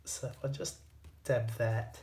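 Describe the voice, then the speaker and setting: A man's voice: medium pitch, level tone, a little slow, darkish tone, roomy sound. A man with an Australian accent chatting casually to himself and his viewers while working at a workbench, self-deprecating and easygoing. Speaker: hobbyist watchmaker.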